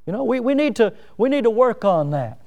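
A middle-aged man preaching a sermon in a folksy, plain-spoken way, with self-mocking humor and lively emphasis. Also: very high voice, fairly quick, creaky, lo-fi sound.

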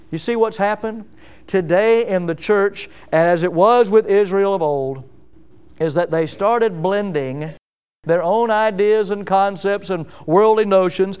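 A middle-aged pastor preaching a sermon, emphatic, with rhetorical questions and sudden drops to a hush. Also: male voice, high-pitched, smooth.

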